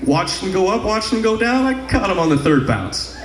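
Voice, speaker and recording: A man's voice: high voice, big pitch swings, moderate pace, noisy background. A young man doing a crude stand-up comedy set on a club stage, rambling into a handheld mic with sung bits. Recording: echoey live club room.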